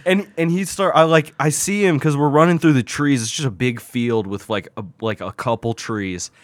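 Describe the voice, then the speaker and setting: Animated, profane man telling a gaming story. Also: mid-range voice, normal speed, no echo. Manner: profane, animated retelling of a video game match. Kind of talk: casual storytelling chat.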